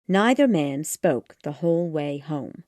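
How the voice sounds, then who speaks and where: A woman narrating an audiobook of a classic gothic tale in a steady storytelling manner. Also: deep voice, a little slow, no echo.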